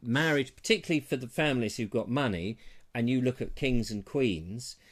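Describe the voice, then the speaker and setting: A man's voice: medium pitch, normal speed. A man from England hosting a live online chat show, reading out viewer comments in a rambling, self-deprecating way.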